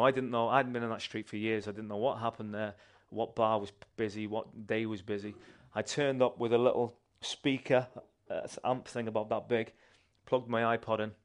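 A man, a church member giving a personal testimony in an animated, conversational way with restarts. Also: lowish voice, normal speed.

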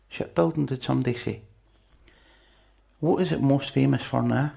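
A man's voice: mid-range voice, normal speed, creaky, dark tone, slightly rough. A man preaching a sermon in a chatty, conversational way, with asides to the congregation.

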